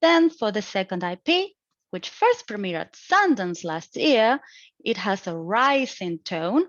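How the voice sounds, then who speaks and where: Young woman student going really slow and careful, restarts a lot, dry dull lo-fi recording. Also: medium pitch, dry recording. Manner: slow, deliberate, with hesitant restarts and grammar slips. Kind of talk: recorded exam explanation.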